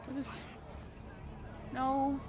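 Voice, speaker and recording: A woman's voice: sits high, monotone, drawn-out words, a crowd in the background. A young woman streaming a game, chatting casually with viewers, swearing often and getting exasperated. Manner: frustrated, swears freely, chats with viewers. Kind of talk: casual live-stream chat while playing.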